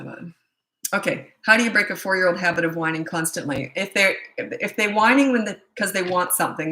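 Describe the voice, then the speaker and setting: A woman's voice: lowish voice, sharp tone. A middle-aged woman parenting coach, answering viewer questions in a blunt, chatty way with storytelling asides. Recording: echoey room.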